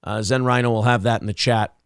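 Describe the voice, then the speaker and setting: A man hosting a casual live-stream talk show, sarcastic and crude, reading out viewer donations and pitching for support. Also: fairly even intonation, quick pace, clear, resonant tone, dry recording, studio quality. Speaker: show host.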